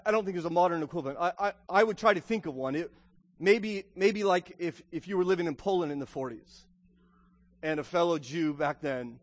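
A man preaching a sermon as pastor, earnest, repeating words and building to emphatic questions. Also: on the high side. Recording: long hall reverb.

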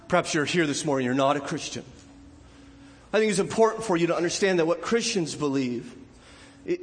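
Preaching man in a reverberant hall. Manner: preaching with wide swings from hushed to loud and high. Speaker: pastor. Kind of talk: sermon. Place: church.

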